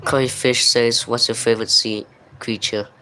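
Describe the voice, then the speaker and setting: A man's voice: mid-range voice, flat delivery, bright, forceful tone, slight background noise, poor audio. A young man hosting a livestream, reading out viewer comments one after another and apologizing often. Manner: reads viewer comments in quick succession, apologetic. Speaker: livestream host. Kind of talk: reading live chat aloud.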